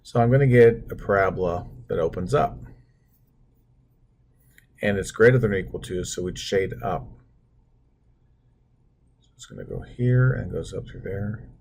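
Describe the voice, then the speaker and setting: Low husky guy teaching math, takes it slow, jokes about his own drawing. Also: lively intonation, darkish tone. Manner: talks through steps while drawing, self-deprecating asides. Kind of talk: screen-recorded math lesson.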